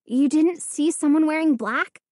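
A woman's voice: high-pitched, measured pace, darkish tone, dry recording, clean studio sound, pitched above the performer's own voice. A woman voicing a breathless, frightened girl.

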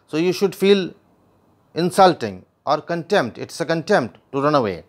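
A man walks through a classic play line by line, his voice rising and falling a great deal as he explains. It sits a little higher than most men's. After each quoted line he repeats the meaning in simple words. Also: big pitch swings, normal speed. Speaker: literature teacher.

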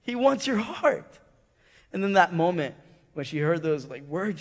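A man with a high voice preaching a sermon, his words ringing out with a long church-hall echo. He tells a story with swings from loud, excited passages down to hushed, tender asides. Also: moderate pace. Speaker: pastor. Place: church sanctuary.

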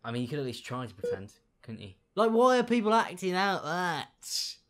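A man giving casual reaction commentary, with sarcastic, deadpan asides. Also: sits high, normal speed. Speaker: YouTube commentator.

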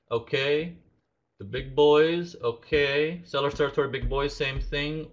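A man's voice: on the high side, fairly even intonation, unhurried, lo-fi sound. A man teaching a live trading lesson, asking his audience questions and acting out traders' inner thoughts. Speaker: trading instructor.

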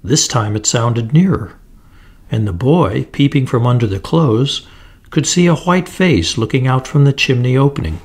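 Male storyteller, slow and deliberate, gravelly with a husky grain; fairy-tale read. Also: medium pitch, expressive, darkish tone. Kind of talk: storybook narration.

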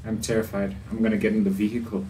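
A man chatting casually while playing a video game, excitable and quick to yelp and laugh. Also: lowish voice, a little hiss or hum. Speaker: gamer. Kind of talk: casual gameplay chat.

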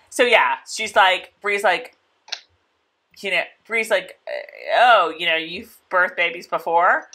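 A woman's voice: on the low side, takes it slowly, bright, forceful tone. A woman co-hosting a casual show recap, chatty and full of "like" and laughter. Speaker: podcast co-host.

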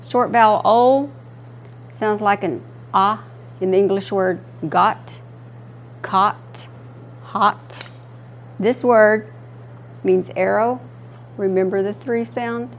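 Slow, patient woman teaching a class. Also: medium pitch, fairly even intonation, a little hiss or hum. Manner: slow, patient, repeats words for students. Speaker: language instructor. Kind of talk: classroom language lesson.

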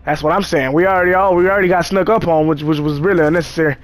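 A man's voice: fairly high pitch, fairly even intonation, very fast. A man giving casual gameplay commentary, joking and cursing as he chatters to the game characters. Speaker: gamer.

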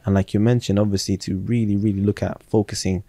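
A man hosting a podcast, asking questions in an even, affirming way with many "you know" fillers. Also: on the low side, fast, creaky, dry recording. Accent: British. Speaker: podcast host. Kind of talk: casual podcast interview.

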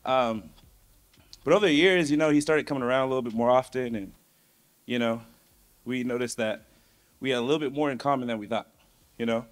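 A man's voice: medium pitch, fairly quick, long pauses. A young adult man giving a groomsman's toast at a wedding reception, casual and a bit hesitant. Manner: casual, hesitant, lots of fillers.

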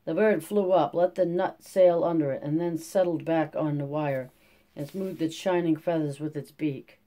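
An audiobook narrator reading a classic novel aloud at a steady pace, with occasional slips and restarts. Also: mid-range voice, normal speed.

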